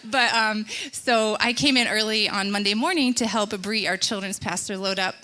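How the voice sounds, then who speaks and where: A woman giving a sermon in a chatty, animated way, telling personal stories and laughing often. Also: mid-range voice, moderate pace. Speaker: church speaker. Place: church stage.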